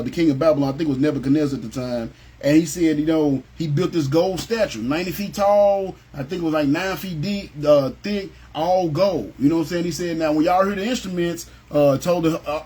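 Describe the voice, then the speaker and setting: A man's voice: fairly high pitch, a little mellow, slightly rough. A middle-aged man leading a Bible study over a phone, speaking conversationally and often asking "you know what I'm saying?". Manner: acts out biblical figures with a raised voice. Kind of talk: informal livestream Bible study sermon.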